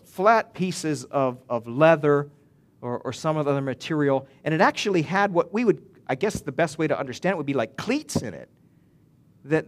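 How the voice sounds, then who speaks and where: A male pastor preaching a sermon in an earnest way, building to emphatic swells and often restarting his phrases. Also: fairly high pitch.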